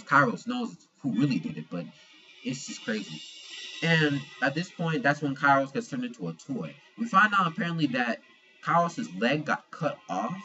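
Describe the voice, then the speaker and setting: A man's voice: medium pitch, pushed and bright, muffled recording. A young man giving a casual manga chapter review, slangy and profane, retelling scenes with animation.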